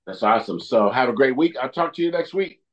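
A man co-hosting a podcast, chatting in a relaxed way with short replies. His pitch moves around in an animated way. The audio sounds dull and lo-fi. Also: fast talker. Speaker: podcast co-host. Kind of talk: casual podcast chat.

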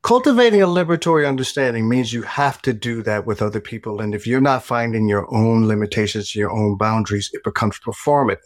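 Animated middle-aged man telling a story. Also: fairly low pitch, quick pace, few pauses, no room sound, clean studio sound. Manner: animated, emphatic, swears casually. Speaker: guest author. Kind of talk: conversational storytelling.

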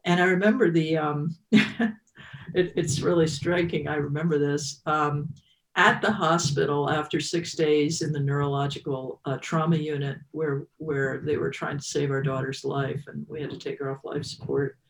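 A woman's voice: low voice, fairly even intonation, moderate pace. A woman in her fifties telling a personal story as an interview guest, reflective and emotional, with many restarts.

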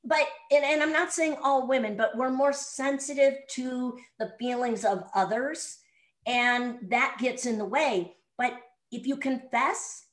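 A woman's voice: sits high, measured pace. A middle-aged woman, a sales coach and podcast guest, speaking bluntly and directly in an interview. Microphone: remote audio call. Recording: echoey room sound.

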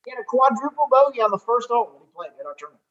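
A high-pitched man with a drawl tells a rambling, animated story, often restarting his sentences. The recording sounds dull and lo-fi, like a muffled podcast feed. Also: very fast. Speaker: golf tournament director. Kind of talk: casual storytelling interview.

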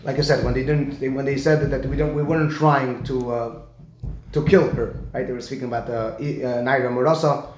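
A man teaching a Talmud lesson, explaining Rashi and checking in with his student with a quick "right?". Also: medium pitch, steady tone, slight background noise. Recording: echoey room.

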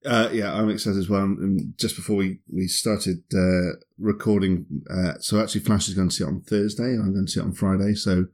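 A man's voice: low voice, fairly even intonation, fairly quick, few pauses, a little mellow. A man, co-hosting a podcast in casual chat, jokey and talkative with dry humour. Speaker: podcast co-host.

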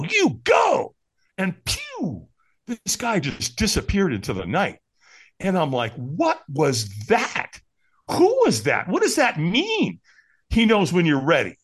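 A man telling a personal story as a podcast guest, acting out the people he quotes. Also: fairly high pitch. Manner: animated, acts out quoted voices. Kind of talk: storytelling in casual conversation.

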